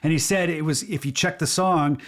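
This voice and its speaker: A man's voice: a little high, brisk, a bit bright. A man co-hosting a podcast, chatting casually about a film with lots of restarts and enthusiasm. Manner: rambling, frequent restarts, enthusiastic. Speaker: podcast co-host.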